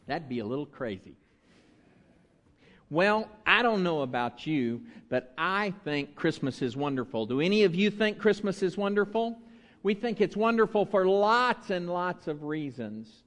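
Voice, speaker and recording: A man's voice: high voice, animated, unhurried, fairly bright tone. A man, a pastor giving a playful children's sermon in a church, coaxing the kids to repeat words after him. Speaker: pastor leading a children's talk. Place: church sanctuary. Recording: long reverb of a large church hall.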